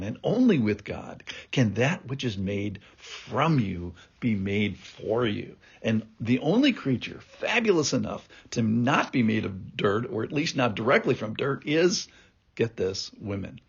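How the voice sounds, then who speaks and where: An earnest male preacher with a gravelly, husky voice and a middle pitch, giving a reflective sermon. He pauses and restarts as he works through each thought. The audio is dull and lo-fi.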